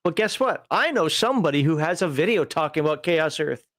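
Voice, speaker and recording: A man co-hosting a relaxed tabletop gaming talk show, rambling with frequent laughs and fillers. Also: on the high side, brisk, dry recording, studio quality. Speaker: podcast co-host reviewing a tabletop magazine. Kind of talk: casual chat.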